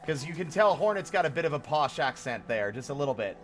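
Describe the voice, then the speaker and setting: A man's voice: on the high side, sing-song, fast talker, fairly bright tone. A man streaming a video game live, commenting in a chatty, rambling way with lots of fillers. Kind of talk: casual live gameplay commentary. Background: faint game music.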